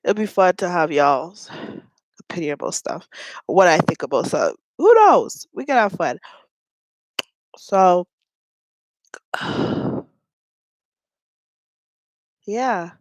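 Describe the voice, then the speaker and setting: A woman's voice: lowish voice, lively intonation, takes it slowly, pauses often, no room sound, low-quality recording. A woman hosting a casual mukbang livestream from home, chatty and giggling at her own jokes, with a stuffy nose.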